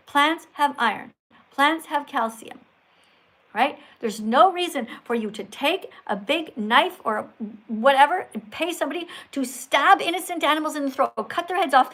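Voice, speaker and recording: A woman's voice: high-pitched, a bit bright. A woman livestreaming, answering viewer messages in a preachy, scolding way and repeating key phrases for emphasis. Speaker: vegan activist livestreamer. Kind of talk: livestream chat answering super chats.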